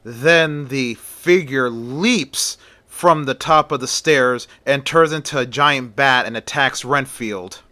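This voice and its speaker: A man's voice: medium pitch, slow pace, sharp tone, no room sound. A man telling a horror story in a loose, conversational way, narrating the scenes himself. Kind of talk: casual retelling of a horror story.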